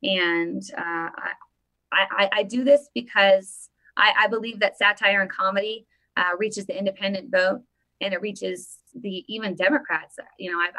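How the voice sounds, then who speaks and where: A woman vlogger giving casual live-stream political commentary, emphatic and animated, often repeating her phrases. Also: medium pitch.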